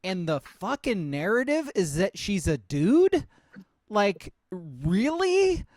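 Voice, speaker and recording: A man's voice: high-pitched, big pitch swings, slow, no echo. A man co-hosting a sports podcast, talking in a heated, profane way and repeating himself for emphasis. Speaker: podcast co-host. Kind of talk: casual sports podcast chat.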